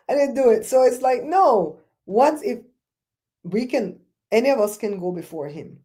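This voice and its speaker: A woman's voice: a little high, big pitch swings, measured pace, warm tone, husky. A middle-aged woman hosting a casual talk show, ranting bluntly and telling stories with mocking quoted voices. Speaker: host.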